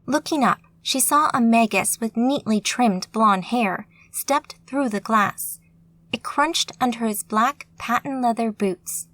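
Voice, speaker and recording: A woman narrating a fantasy audiobook in a steady, measured storytelling manner. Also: on the high side, dry recording.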